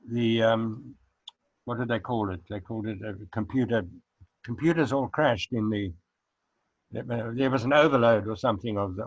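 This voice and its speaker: A man's voice: mid-range voice, no echo. A man, a former dancer, answering interview questions casually and searching for his words over a video call. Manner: halting, searching for words, chuckling. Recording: dry, dull lo-fi call audio.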